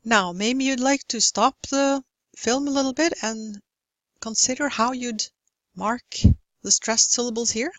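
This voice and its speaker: A woman teaching English pronunciation in a recorded lesson, speaking in a careful, deliberate way and stretching out example words. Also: on the high side, fairly bright tone, dry recording, low-quality recording. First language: Norwegian. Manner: slow, careful, deliberate delivery with exaggerated model words.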